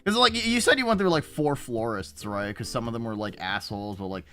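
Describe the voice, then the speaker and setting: A man's voice: medium pitch, expressive, brisk, a bit bright, faint music behind. A man streaming and chatting casually with viewers, rambling with frequent restarts and plenty of swearing. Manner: rambling, profane, self-interrupting.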